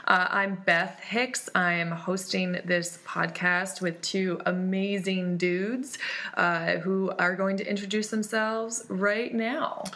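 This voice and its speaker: A woman's voice: medium pitch, level tone, takes it slowly, bright, forceful tone. A woman hosting a casual podcast, teasing her co-hosts and steering the conversation. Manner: bubbly, teasing, steering the talk. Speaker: podcast host. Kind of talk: casual chat.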